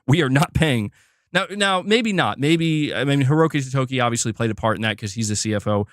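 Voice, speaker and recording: A man speaking at a middle pitch, delivering a blunt, opinionated solo commentary. He is emphatic, swears freely, and circles back over his own points. The voice is recorded dry and close, with no room sound. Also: quick pace, fairly bright tone, dry recording. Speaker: gaming news commentator.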